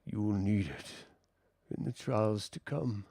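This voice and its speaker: A man voicing a deep, breathy, fatherly swamp spirit in a whispered role-play. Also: animated, unhurried, mellow, no echo, heavily acted. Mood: tender.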